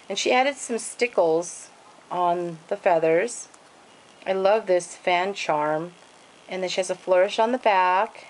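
A woman at home holds up craft pages one by one and gushes over every detail, with lots of "um" and "and then". Her voice sits at an ordinary middle pitch. A faint hiss of noise runs under the recording. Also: low-quality recording. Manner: gushing, many fillers and "and then". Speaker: craft vlogger showing swap pages. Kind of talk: casual show-and-tell.

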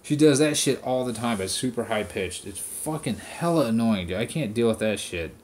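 A man's voice: mid-range voice, lively intonation, moderate pace, darkish tone, slight background noise. A man hosting a podcast, ranting casually with heavy swearing and mocking impressions of people. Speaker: podcast host. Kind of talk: casual profane rant.

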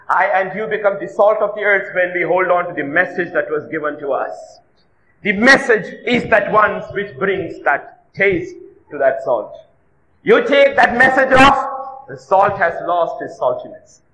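A man preaching with a high, bright, ringing voice that carries through an echoey church hall. He presses his points with rhetorical questions and drives home key phrases by repeating them. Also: moderate pace, highs cut off, slight background noise. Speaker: pastor. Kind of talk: sermon.

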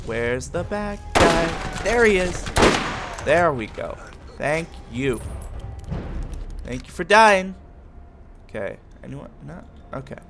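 A man hosting a video game playthrough, reading out upgrade options and trash-talking enemies in an excitable way. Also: fairly high pitch, takes it slowly, heavy background noise. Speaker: gaming video host. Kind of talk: let's play commentary. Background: game music and gunfire.

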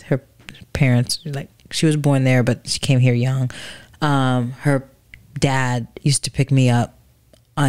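A young adult woman with a rumbling low, slightly mellow voice co-hosts a podcast. She's a chatty storyteller, telling stories in casual conversation and laughing often.

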